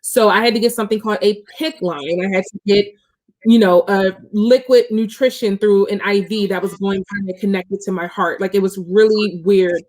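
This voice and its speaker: A woman's voice: mid-range voice, fairly even intonation, normal speed, a little mellow. Chatty woman telling her story. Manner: open and chatty, many fillers. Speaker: guest. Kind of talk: candid personal storytelling.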